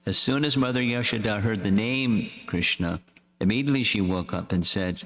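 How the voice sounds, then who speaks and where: A man reading a devotional story aloud in a slow, measured way, as a swami. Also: fairly low pitch, fairly bright tone. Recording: echoey hall reverb.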